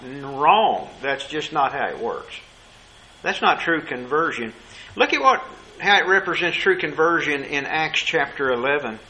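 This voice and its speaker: Man, preacher, sermon, bright forceful tone, slightly raised pitch, emphatic questions, faint room ambience. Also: slight background noise, low-quality recording. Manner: emphatic, rhetorical questions, slows to stress key words.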